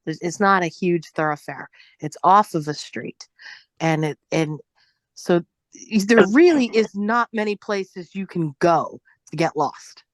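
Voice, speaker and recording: A woman's voice: on the low side, a little slow, no room sound. Dry, close-up woman telling a story. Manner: animated, swears freely, laughs, stumbles over words. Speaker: podcast co-host. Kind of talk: casual storytelling.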